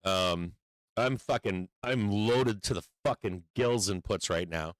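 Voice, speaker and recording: A man's voice: lowish voice, measured pace, no echo, rough recording. A man giving casual livestream market commentary, blunt and profane, rambling with many fillers and urgent warnings. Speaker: stock market streamer.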